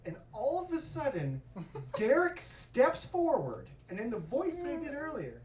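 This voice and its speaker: A man telling a stand-up story on a comedy club stage, profane and animated, often breaking into laughter. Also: very high voice, unhurried, far from the mic, slight background noise. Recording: echoey club miked from afar. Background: audience laughter.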